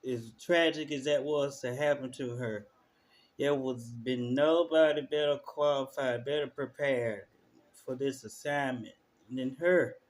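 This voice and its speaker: Animated slangy man streamer. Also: mid-range voice, unhurried. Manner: animated storytelling, slangy, laughs through stories. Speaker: streamer reacting to clips. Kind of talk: casual live-stream commentary.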